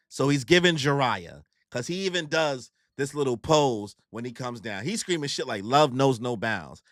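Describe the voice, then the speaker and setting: A man's voice: mid-range voice, fairly bright tone, dry recording, clean studio sound. A young man casually recapping a manga chapter, telling it in heavy slang and acting out the characters' lines. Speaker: YouTube manga reactor.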